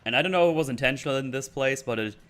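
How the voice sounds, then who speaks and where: A man's voice: medium pitch, racing, a bit bright. A man streamer in a casual commentary rant, rambling through a recap of a TV episode and slipping into the characters' lines.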